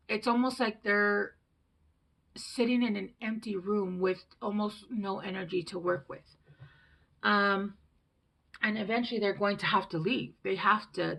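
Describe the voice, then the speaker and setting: A woman's voice: mid-range voice, gravelly, fairly bright tone. A woman giving a casual, rambling tarot reading, chatty and full of fillers. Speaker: tarot reader.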